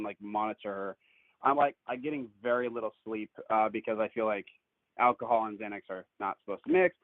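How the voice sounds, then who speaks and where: A male caller telling a long story in a casual, animated way, acting out the quotes. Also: mid-range voice, dry recording. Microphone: phone. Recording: tinny phone line.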